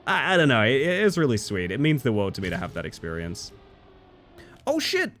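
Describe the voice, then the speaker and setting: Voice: medium pitch, very animated, fast, a bit bright, soft background music. A streamer chatting casually and telling a rambling personal story to their live viewers, with lots of fillers.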